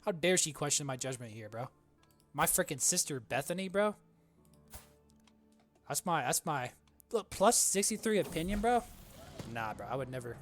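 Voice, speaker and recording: A man's voice: on the high side, lively intonation, moderate pace, faint music behind. A young man giving casual, joking gameplay commentary and calling everyone "bro" in slang. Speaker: let's play gamer.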